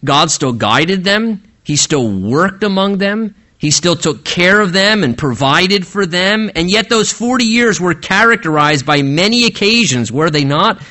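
Man, pastor, sermon, bright tone, slightly high voice, earnest, slows for emphasis. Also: lively intonation. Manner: earnest expository preaching, slowing for emphasis on key phrases.

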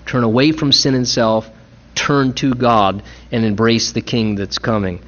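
A man preaching a sermon, earnest and emphatic, repeating key phrases and slowing down to stress words. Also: medium pitch, fairly even intonation, a bit bright. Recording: muffled lo-fi recording.

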